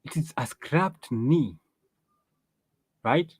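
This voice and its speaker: A man's voice: mid-range voice, expressive, extremely slow, slightly rough, no room sound. A man hosting an opinion monologue, lecturing emphatically, drawing out stressed phrases, with frequent restarts and rhetorical questions. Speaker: host.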